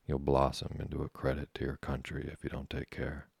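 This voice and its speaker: A languid, sarcastic gentleman passenger, read by a man. The voice is extremely low and husky and sounds dry and close. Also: monotone, fairly quick, dry recording, heavily acted. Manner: yawning sarcasm.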